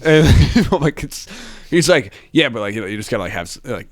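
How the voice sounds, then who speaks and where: A young man chats loosely, his pitch rising and falling a lot as he tells a long story full of "like" and restarts. The recording is close and dry, with no room sound around him. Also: animated, fast, no echo. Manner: rambling storyteller, many fillers and restarts. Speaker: podcast host. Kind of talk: casual chat.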